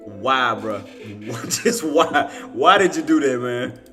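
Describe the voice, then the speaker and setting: A man's voice: medium pitch, expressive, takes it slowly, pushed and bright, soft background music. A man giving casual, rambling live trading commentary, talking to himself, laughing often and using slang. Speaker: stock trading streamer.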